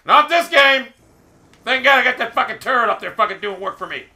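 A man ranting angrily while playing a video game, swearing constantly and often shouting. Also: high voice, racing, creaky. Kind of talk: angry gameplay commentary.

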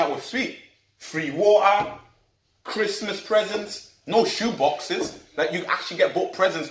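A man's voice: fairly high pitch, distant mic, background noise. A man from Africa with a Geordie accent, delivering an angry, profane comic rant. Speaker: comic vlogger. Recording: echoey room, off-mic.

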